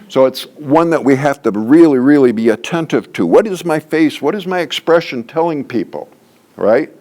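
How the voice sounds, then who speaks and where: An older Canadian man leads a training workshop, teaching in a folksy, joking manner and repeating key points for emphasis. His voice sits on the high side with a darkish tone, animated delivery, and a moderate pace.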